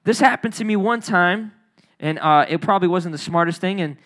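High-voiced, animated young preacher man. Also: fairly quick. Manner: animated, slangy, acts out the people in his stories. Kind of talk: storytelling sermon. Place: church hall.

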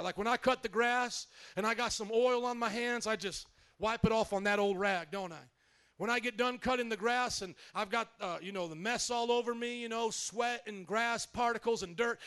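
A man preaching a sermon as pastor, emphatic and at times shouting. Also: sits high.

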